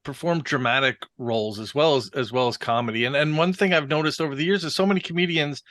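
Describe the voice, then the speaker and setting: A man co-hosting a podcast who asks a long, measured interview question. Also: mid-range voice, a bit bright, no room sound, clean studio sound. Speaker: podcast co-host.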